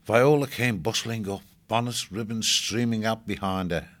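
A man reading a storybook aloud in slow, measured scripted narration. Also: on the low side, fairly bright tone. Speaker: audiobook narrator.

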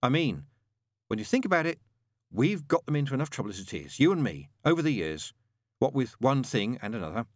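A man's voice: mid-range voice, sing-song, a little fast, no room sound. A man reading aloud and voicing a genteel male angel with a prim, polite manner. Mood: earnest.

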